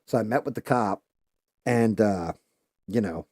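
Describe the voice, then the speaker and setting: A man's voice: lowish voice, unhurried. A man hosting a live stream, telling a story in a loose, profane way with lots of filler words, and livening up when he quotes people. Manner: animated when quoting others. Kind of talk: casual storytelling while painting.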